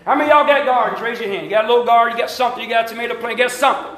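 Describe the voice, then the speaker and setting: A man's voice: very high voice, steady tone, racing, fairly bright tone, roomy sound. A middle-aged man with an Alabama Southern accent, preaching a sermon to his congregation with call-and-response, emphatic rising lines and folksy asides. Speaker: pastor. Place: church sanctuary.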